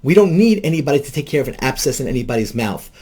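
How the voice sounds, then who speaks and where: A man's voice: mid-range voice, sing-song, racing, a little mellow, husky. Emphatic man giving spoken commentary. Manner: emphatic, rhetorical, repeats key phrases. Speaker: counselor.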